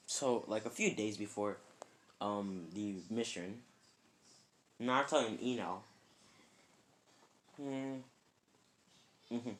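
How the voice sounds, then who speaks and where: A man tells a homemade fan story in a loose, rambling way, leaning on "kinda" and "like" as he goes. His voice sits a bit low, with a faint hiss of noise under it. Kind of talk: casual fan-fiction storytelling.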